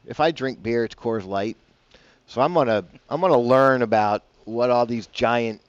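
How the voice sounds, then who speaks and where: Low-voiced man hosting morning radio. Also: dry recording, dull audio. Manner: rambling, chatty, self-deprecating asides. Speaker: radio golf show host. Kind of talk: casual morning radio talk. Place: broadcasting from a bar.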